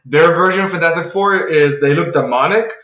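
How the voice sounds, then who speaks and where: On the high side and a bit bright, a man speaks a little fast as he co-hosts a podcast and eagerly walks through a comic's story. The recap rambles, heavy with "like" and restarts, and the sound carries a roomy echo.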